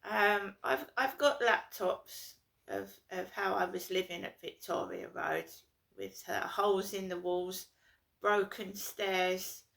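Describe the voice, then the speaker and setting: A woman's voice: medium pitch, steady tone, slow, gravelly, fairly bright tone. A woman from London, ranting in an aggrieved, repetitive vlog monologue. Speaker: vlogger. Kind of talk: casual to-camera monologue.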